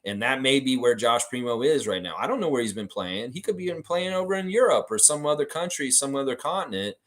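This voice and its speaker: A man hosting a casual sports livestream, chatting at length and reading out viewer comments. His pitch sits in the middle for a man but moves around a lot as he talks. He sounds enthusiastic and a bit rambling. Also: expressive, fairly quick, a bit bright.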